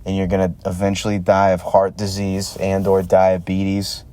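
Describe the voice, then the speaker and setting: A man's voice: sits low, completely flat delivery, moderate pace, mellow. A man in his thirties hosting a solo comedy podcast, ranting sarcastically and swearing freely from a laundromat. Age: 30s. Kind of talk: solo stand-up style rant.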